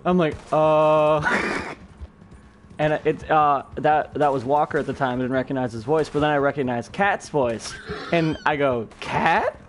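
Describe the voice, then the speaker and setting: A man's voice: on the high side, measured pace, a little hiss or hum. A man streaming a game, chatting casually with friends and telling a story with swearing and laughs. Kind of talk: casual gaming chat.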